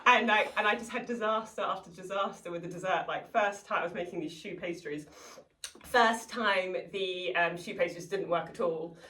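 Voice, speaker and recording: A woman's voice: on the low side, moderate pace, bright, forceful tone. A woman who works as a private chef, talking as a guest in a casual interview and telling stories with lots of "like" and "you know". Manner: chatty, anecdotal, full of "like" and "you know". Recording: echoey room, far from mic.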